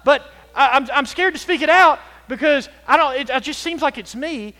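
A man's voice: very high voice, normal speed, pushed and bright, voice pushed up. A man playing a nervous adult churchgoer who stammers and sounds unsure. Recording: hall reverb.

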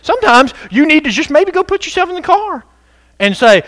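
Man, pastor, lively sermon, swooping intonation, dry close sound, sudden shouts. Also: extremely high pitch, a little fast, no echo. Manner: animated and conversational, bursts into shouts for emphasis.

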